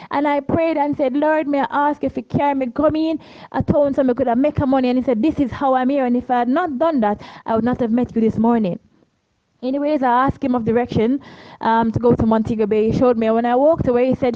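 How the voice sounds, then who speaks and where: A woman's voice: high voice, dry recording, muffled recording. A Jamaican woman telling a religious testimony about her travels as a preacher, acting out the voices of the people she met. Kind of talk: testimony storytelling.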